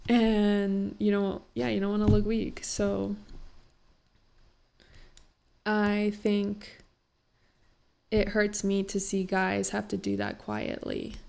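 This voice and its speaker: A young woman rambles through a casual reaction vlog, her voice gravelly with fry. She is still teary after crying and fills her talk with "like.". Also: medium pitch, darkish tone. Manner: emotional, rambling, many "like" fillers. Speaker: vlogger reacting to a talk show.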